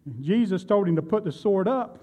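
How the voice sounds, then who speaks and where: A man's voice: high-pitched, lively intonation, brisk, mellow. A man preaching a sermon, retelling Bible stories and speaking directly to his congregation. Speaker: pastor.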